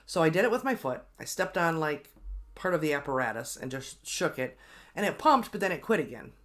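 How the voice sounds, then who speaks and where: A middle-aged woman hosting her own show, telling a story in a casual, animated and exasperated way, with many ums and restarts. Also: low-pitched, fairly quick. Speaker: host.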